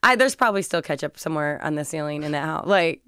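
A middle-aged woman telling stories in casual chat as a podcast guest, animated, laughing often and swearing freely. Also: low voice, quick pace, clean tone, dry recording, studio quality.

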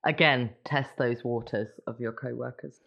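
English woman co-host, very low voice, chatty and gushing, dull lo-fi sound. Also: fairly even intonation, normal speed, vocal fry. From England. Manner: gushing, giggly. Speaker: podcast co-host. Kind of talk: casual chat. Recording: dull lo-fi audio.

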